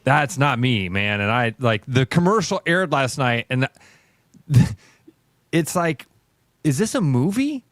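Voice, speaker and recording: A man co-hosting a sports radio show, chatting casually with quick, easygoing reactions. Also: mid-range voice, fairly bright tone, no room sound, studio quality.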